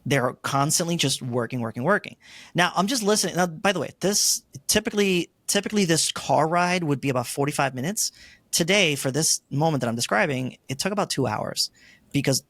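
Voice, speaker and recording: Animated storytelling man, slightly high voice. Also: brisk, no echo. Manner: animated storyteller, acts out his own quoted lines. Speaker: interview guest. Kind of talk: storytelling in an interview.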